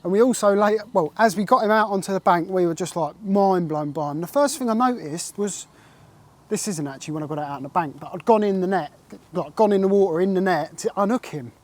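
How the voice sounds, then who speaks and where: A man, telling an excitable and rambling fishing story in a casual interview, full of "like" and "mate". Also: high voice, a little fast. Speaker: carp angler recounting a catch.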